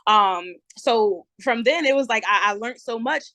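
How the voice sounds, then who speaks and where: A woman in her twenties with a New Jersey accent, chatting as a podcast guest and telling her story in a lively way. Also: fairly high pitch, measured pace, no room sound. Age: 20s. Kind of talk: casual interview.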